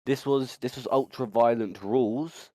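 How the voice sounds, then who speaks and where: A man's voice: medium pitch, normal speed, mellow, slight background noise. A man hosting a casual podcast chat, rambling with many ums and restarts. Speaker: podcast host.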